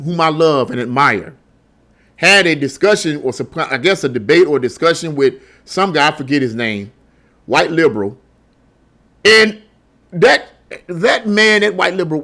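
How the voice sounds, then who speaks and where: Middle-aged guy ranting blunt on his channel, kinda high voice, keeps repeating words when he's fired up. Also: pushed and bright. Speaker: political commentary host. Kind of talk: solo opinion commentary.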